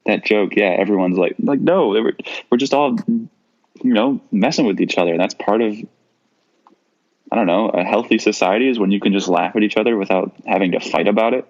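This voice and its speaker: A young man guesting on a casual podcast, laid-back and quick to laugh. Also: fairly low pitch, darkish tone. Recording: dull, muffled lo-fi sound.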